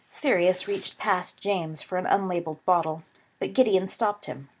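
Woman narrating, lowish voice. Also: normal speed. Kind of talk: audiobook reading of fan fiction.

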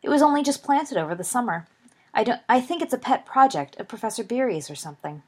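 A woman reading the lines of a confident teenage girl, brisk and matter-of-fact, in a storybook. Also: fairly high pitch, big pitch swings, darkish tone, breathy edge, voice pushed up.

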